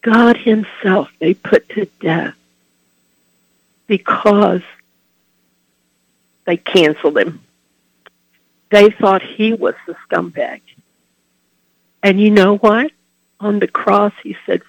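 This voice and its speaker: A man giving a devotional Lenten talk as a Catholic preacher, earnest and heartfelt, letting his phrases trail off softly. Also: high-pitched, slow pace, vocal fry, long pauses, no echo, highs cut off.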